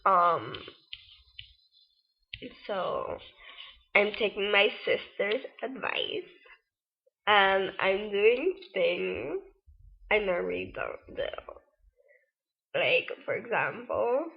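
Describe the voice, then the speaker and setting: Teen girl, 18, casual vlogger, slow and rambling with lively ups and downs, a little husky fry. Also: mid-range voice. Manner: chatty, rambling, with many fillers and laughs. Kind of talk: casual storytelling vlog. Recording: lo-fi webcam audio.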